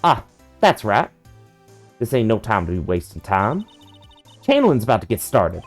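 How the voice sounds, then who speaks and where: A man's voice: lowish voice, huge pitch swings, moderate pace, soft background music, full character voice. A man voicing a brash, pushy woman photographer with a put-on Southern US drawl, boastful and folksy. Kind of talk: fan voicing of a game character.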